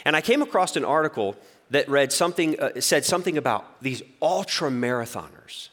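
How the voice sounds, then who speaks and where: Animated man in his forties preaching. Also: fairly high pitch, brisk. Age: 40s. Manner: lively storytelling, acts out inner voices. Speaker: pastor. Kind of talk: sermon.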